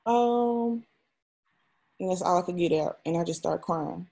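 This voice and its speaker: A woman's voice: on the low side, measured pace, creaky, dark tone. A young adult woman, an interview guest, telling a personal story in a raw, emotional and frank way, often swearing.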